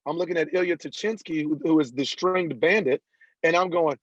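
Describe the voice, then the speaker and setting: A man, a country singer guest on an interview podcast, telling stories lively and acting out the people he quotes. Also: a little high, a little fast, dry recording. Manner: animated storyteller who acts out quoted dialogue. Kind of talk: casual interview storytelling. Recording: dull lo-fi dry sound.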